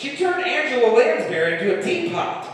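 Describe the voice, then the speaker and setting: A man's voice: very high-pitched, sing-song, a little fast, far from the mic, slight background noise. A male stand-up comedian telling rambling, irreverent stories on a live comedy club stage. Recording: echoey hall, room mic from afar.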